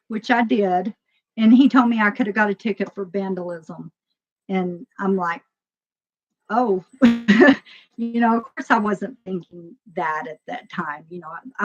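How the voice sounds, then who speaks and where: Before a live audience, a woman with a mid-range voice tells a personal story in a casual, emotional way. She laughs often and swings between loud and quiet, and the recording has a dull, lo-fi sound.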